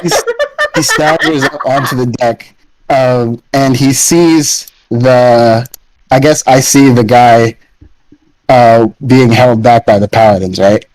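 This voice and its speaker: A man's voice: mid-range voice, animated, takes it slowly, a little mellow, a little hiss or hum, low-quality recording. A man playing a tabletop game, explaining his character at length in a rambling, filler-heavy way. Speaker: player. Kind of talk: tabletop role-play.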